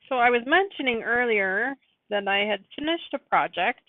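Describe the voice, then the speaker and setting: A woman's voice: fairly high pitch, expressive, moderate pace. Chatty woman on a tinny line. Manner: chatty, apologetic, laughs often. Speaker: live-stream quilting host. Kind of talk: casual live-stream sewing chat. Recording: dry, phone-like narrow sound.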